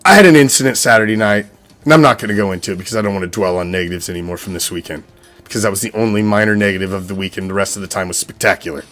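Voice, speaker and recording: A sports-fan podcast host rants unscripted on his fan show, heated and profane and repeating himself. His fairly low, slightly bright voice races along, with faint music in the background.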